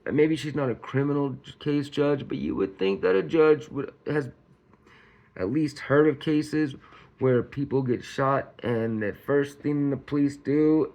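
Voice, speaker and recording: A man's voice: medium pitch, darkish tone. A man giving casual, rambling true-crime commentary, reading from documents and breaking into sarcastic asides and frequent laughter. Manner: colloquial, says y'all.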